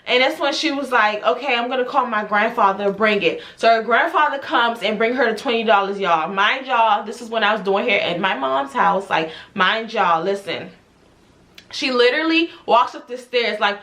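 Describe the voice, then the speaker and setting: A young woman in her twenties, a hairstylist, telling an animated storytime vlog and talking straight to her viewers. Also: on the high side, normal speed. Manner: animated, addresses viewers as y'all, acts out quotes. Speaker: hairstylist vlogger.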